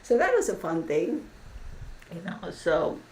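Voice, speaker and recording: Picked up from far away in an echoey room with a faint hiss, this channel host tells stories on a relaxed livestream, full of laughs and plenty of y'all. Her pitch sits fairly low, her delivery is very animated though a little slow, and her tone is a bit mellow.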